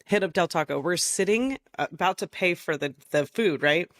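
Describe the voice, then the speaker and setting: A woman's voice: fairly low pitch, moderate pace, no room sound. Chatty woman telling a story in a dry room. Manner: animated storyteller, acts out quoted voices. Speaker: podcast co-host. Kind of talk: casual chat.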